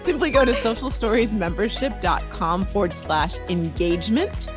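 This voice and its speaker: A woman hosting a podcast, chatting casually and playfully, with quick asides. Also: medium pitch, animated, music in the background. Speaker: podcast host.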